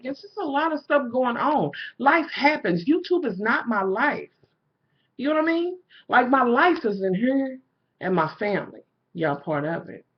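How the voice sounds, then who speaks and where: A woman's voice: medium pitch, breathy edge, highs cut off. Profane middle-aged woman vlogger ranting. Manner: candid, profane, full of "you know". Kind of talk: casual rant to viewers.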